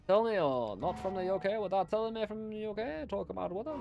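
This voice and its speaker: Rambly english dude chatting over his gameplay, slightly high voice, self-mocking jokes. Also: animated, brisk, creaky, lo-fi sound. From England. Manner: rambling, self-deprecating, jokey. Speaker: game streamer. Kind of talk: casual gameplay chat.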